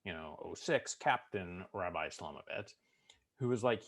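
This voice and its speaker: Expressive and moderately paced, this middle-aged veteran's low voice carries a storytelling interview full of humor. He brings the people in his tales to life, doing drill instructor voices along the way.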